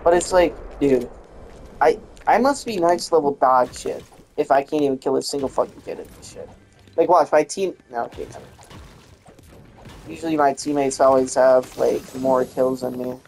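A woman's voice: a bass voice, normal speed, a little mellow, slight background noise. A woman giving gameplay commentary, ranting in frustration with heavy swearing. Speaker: gaming channel host.

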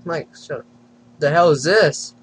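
A man's voice: on the high side, unhurried, slight background noise. A man hosting a casual prank video chat, giggling and teasing strangers on camera. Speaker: channel host.

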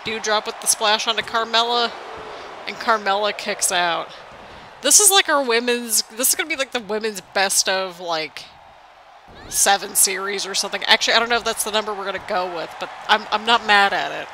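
A young woman hosting a gaming channel talks a little fast in a mid-range voice against a noisy background. In casual let's-play commentary on a wrestling game, she's chatty, rambles, and laughs often.

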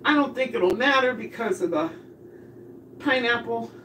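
A woman's voice: on the high side, lively intonation, moderate pace, pushed and bright, slight background noise. A woman hosting a casual live cooking stream from her home kitchen, chatty, laughing often and greeting viewers by name. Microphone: phone camera.

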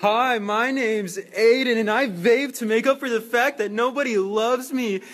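A teenage boy with a very high, bright voice runs through short roast introductions in a flat, mocking way. The delivery is quick and to the point.

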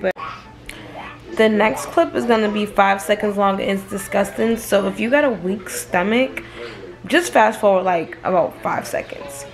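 A woman's voice: medium pitch, creaky. Slangy chatty young woman vlogging. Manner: slangy, chatty, talks straight to viewers. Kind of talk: casual vlog chat. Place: hotel room.

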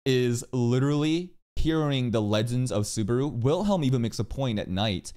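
A man giving casual reaction commentary as a streamer. He swears often and jumps from calm explaining to loud, high-pitched rants. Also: normal speed.

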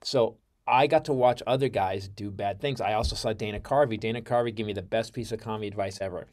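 Excitable profane American comedian. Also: male voice, quick pace, a little hiss or hum. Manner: profane, excitable, acts out quotes with big jumps in pitch and loudness. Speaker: comedian guest. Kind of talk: animated storytelling in casual interview.

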